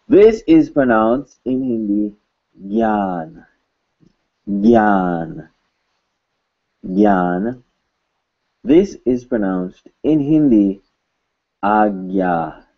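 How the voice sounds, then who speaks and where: A man teaching a video lesson in a slow, unhurried way, with a lowish voice. He repeats words patiently and slips in dry jokes. The sound is a little dull and lo-fi. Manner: patient, joking asides, repeats words slowly. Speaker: language teacher.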